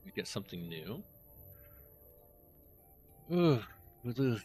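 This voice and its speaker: A man's voice: lowish voice, big pitch swings, slow pace, a little mellow, faint music behind. A man chatting casually to himself and his viewers while playing a game. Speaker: game streamer. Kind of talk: casual gameplay commentary.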